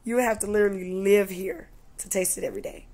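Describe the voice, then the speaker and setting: A woman vlogging in a casual, chatty way, full of "you know" and "like", who acts out conversations with lively voices. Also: mid-range voice, fast talker, slight background noise. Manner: animated, acts out dialogue in voices. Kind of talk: casual storytelling vlog.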